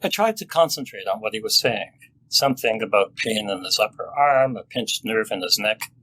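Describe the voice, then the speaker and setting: An older man, a family doctor, reading his own story aloud in a measured, sober and reflective way. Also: lowish voice, expressive, bright, forceful tone, slight background noise, rough recording.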